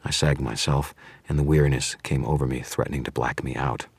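A man narrates a first-person story with an extremely deep, husky voice. His delivery is measured and dramatic. The sound is dry and close, with no room around it. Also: steady tone, dry recording. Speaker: audiobook narrator.

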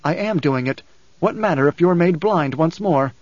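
A man voicing a calm, soft-spoken young man. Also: moderate pace, no echo, lo-fi sound. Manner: soft, low and conversational.

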